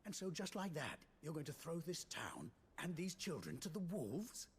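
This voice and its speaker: An indignant, reproachful man in a video game, pressing his points with disbelief. His voice sits a little high and swings widely in pitch. A faint noise hangs behind him. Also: very animated, moderate pace. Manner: accusing and incredulous.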